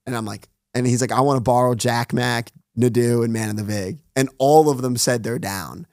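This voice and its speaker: This guest has a clear, resonant mid-range voice, captured dry and at studio quality. Running his own online show, he's on someone else's podcast telling casual stories rapidly, performing quoted lines and saying "like" all the time.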